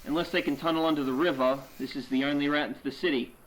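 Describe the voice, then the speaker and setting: A man voicing a soldier who gives a brisk military report to his commander in a fan-made sci-fi drama. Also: fairly high pitch, fairly even intonation, natural voice, rough recording. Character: male soldier briefing his commander on defenses.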